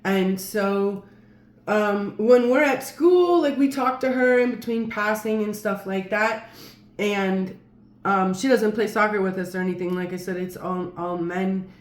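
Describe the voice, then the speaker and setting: A woman's voice: mid-range voice, a little slow. A woman telling a personal story to camera in a casual, rambling way, with many fillers and restarts. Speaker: storyteller vlogger. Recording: roomy echo.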